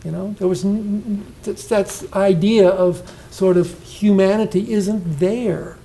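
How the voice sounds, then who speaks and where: A man's voice: sits high, fairly even intonation, a little slow, vocal fry, warm tone, poor audio. A man in his sixties, a retiring professor giving an informal poetry lecture at an indoor reception, often asking his listeners questions and restarting his sentences.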